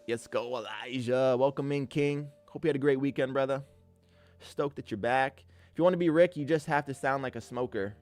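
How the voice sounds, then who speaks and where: Laid-back male day-trading streamer. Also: medium pitch. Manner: laid-back, upbeat, greets chatters as king and brother. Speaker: live-streaming day trader. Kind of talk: live trading commentary with chat shout-outs.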